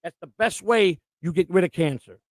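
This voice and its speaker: A man's voice: sits high, a little fast, no echo. A man co-hosting a casual live stream, talking bluntly and profanely in long rants. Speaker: co-host.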